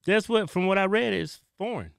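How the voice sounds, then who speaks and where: A middle-aged man co-hosting a casual political commentary show, talking in an excitable, animated way. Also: sits high, a little fast, creaky, clear, resonant tone, no room sound, studio quality. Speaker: co-host.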